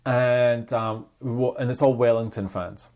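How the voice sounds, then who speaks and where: A medium-pitched man talking a little slowly co-hosts a podcast in easygoing chat. He's an animated storyteller who impersonates the people he describes.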